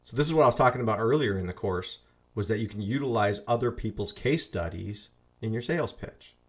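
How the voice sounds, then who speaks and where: Low-voiced man teaching a casual sales lesson. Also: fairly quick. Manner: chatty, self-correcting, repeats phrases for emphasis; mutters asides while fixing slides. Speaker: marketing course instructor. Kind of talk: casual screen-share lesson.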